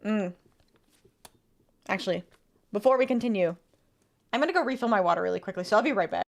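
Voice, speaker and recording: A woman streamer giving casual, animated gameplay commentary with quick asides and laughter. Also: medium pitch, gravelly.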